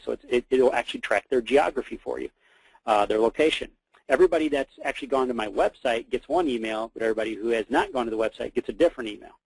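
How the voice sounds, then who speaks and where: Guy doing a webinar demo, gravelly and a bit husky, dry close sound, lots of uh and okay. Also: mid-range voice, a little mellow, no echo, rough recording. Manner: casual, repeats himself, many fillers, addresses listeners as guys. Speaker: webinar host. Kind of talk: software demo walkthrough.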